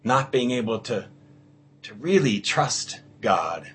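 A man preaching slowly and earnestly, his voice a little husky. His pitch sits somewhat high for a man and swings widely as he presses each point home. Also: sing-song, a bit bright. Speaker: priest. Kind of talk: homily.

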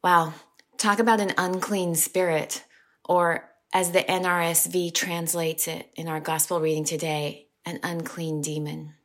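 A middle-aged American woman reading the gospel and preaching a short sermon in a slow, measured, gentle way. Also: lowish voice, flat delivery. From United States.

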